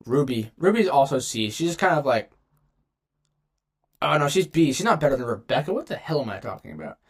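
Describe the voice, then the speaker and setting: A man's voice: mid-range voice, very animated, fairly quick, husky. A young man casually ranking game characters in a rambling, slangy commentary, often cutting himself off. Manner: rambling, slangy, self-interrupting. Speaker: gaming video creator. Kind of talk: casual tier-list commentary.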